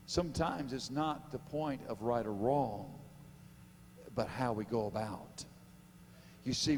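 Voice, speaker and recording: A man's voice: medium pitch, a little mellow. A man preaching a sermon at a men's conference in a church, joking, laughing at his own stories and quizzing the crowd. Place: church sanctuary. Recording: long hall reverb with faint hum.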